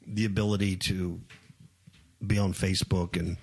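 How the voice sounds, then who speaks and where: A man's voice: deep voice, little pitch movement, normal speed, a little mellow, husky. A man co-hosting a talk radio show, ranting animatedly with frequent laughs. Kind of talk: opinionated talk radio chat.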